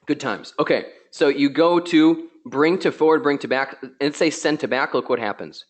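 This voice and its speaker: A man hosting a live software tutorial, excitable and chatty, joking with his viewers, a little tired from being ill. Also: a little high, moderate pace. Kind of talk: live screen-share tutorial.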